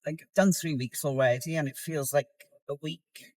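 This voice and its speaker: A woman's voice: sits low, fairly even intonation, normal speed, no room sound, low-quality recording. Candid woman, casual vlog chat. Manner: rambling and candid, soft and tired at times. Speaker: competitor vlogging her contest prep. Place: in a car.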